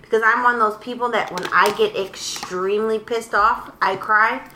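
A woman's voice: fairly high pitch, steady tone, normal speed, sharp tone, reverberant, slight background noise, rough recording. A woman in casual chat, emphatic and playful, giving mock warnings. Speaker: friend in group chat.

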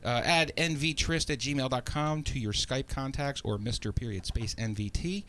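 A man's voice: mid-range voice, moderate pace, a little hiss or hum. A man hosting a casual podcast, joking with his co-host and giving listeners call-in details. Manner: relaxed, jokey, reads out call-in details. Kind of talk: casual chat.

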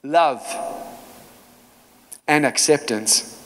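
A man's voice: a little high, lively intonation, measured pace. Earnest male preacher in a reverberant hall. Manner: earnest, conversational storytelling. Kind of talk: sermon.

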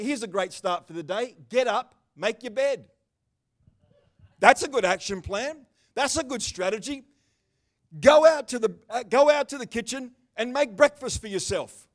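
High-voiced, animated male preacher. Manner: animated preaching, swings between loud bursts and calm asides; talks with the congregation by name, chatty and joking. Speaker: pastor. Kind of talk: sermon. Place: church service.

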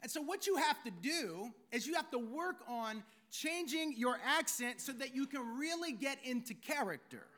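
Bright high-voiced male pastor preaching. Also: animated, moderate pace, hardly any pauses. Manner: theatrical, former stage performer. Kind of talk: sermon.

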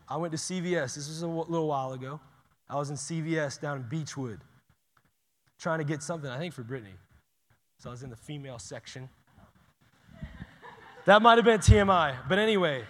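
A man preaching a sermon in a casual, conversational way, swinging from loud urgent bursts to hushed near-whispers. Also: fairly high pitch, normal speed, long pauses, big-room sound. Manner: casual and conversational, says "y'all" and "dude".

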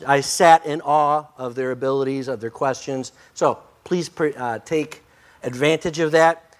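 An older man preaching a sermon as pastor, folksy and joking, his voice a little hoarse and breaking. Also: on the high side.

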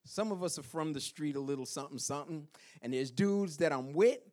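A pastor preaching a chapel sermon, calling out to the congregation and dropping into quiet whispered asides. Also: male voice, a little high, brisk. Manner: animated preaching with call-and-response "Amen?".

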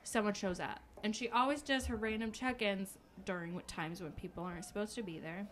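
A young woman retells a story in casual chat, slipping into quick acted-out voices for the characters. Her voice is bright and forward, with a faint hum of background noise. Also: medium pitch. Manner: animated storytelling, acts out characters' lines, frequent "like". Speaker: podcast co-host recapping a book.

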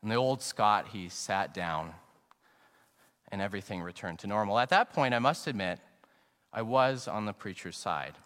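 Middle-aged male pastor, earnest sermon, lowish voice, long reverb in the hall. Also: lively intonation, a bit bright. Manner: earnest and reflective, anecdotal, slows down for emphasis. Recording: long reverb, sanctuary acoustics.

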